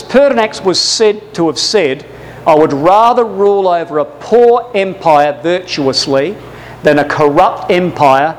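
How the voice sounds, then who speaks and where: A man preaching a sermon, telling history as a lively story with acted-out asides and often addressing his listeners as brothers and sisters. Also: sits high.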